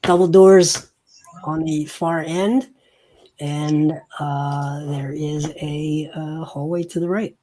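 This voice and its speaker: A game master narrating a tabletop game, talking in a slow, halting way with fillers. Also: medium pitch, fairly even intonation, warm tone, slight background noise.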